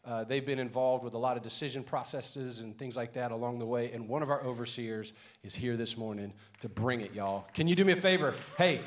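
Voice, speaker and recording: A male pastor with a Cajun accent, loudly rallying his congregation during church announcements. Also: medium pitch, a little fast.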